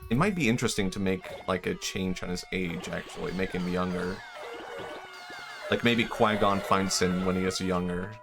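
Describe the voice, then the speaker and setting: A young man streaming a game, musing in a loose, excitable way and swearing now and then. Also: low-pitched, normal speed, gravelly, over music. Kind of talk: casual gaming stream commentary.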